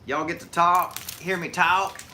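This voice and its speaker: A man's voice: fairly high pitch, fairly even intonation, a little slow, bright, forceful tone, slight background noise. A middle-aged man with a Hoosier accent from Indiana, chatting casually on his live stream while he works, folksy and rambling with frequent chuckles. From Indiana, USA.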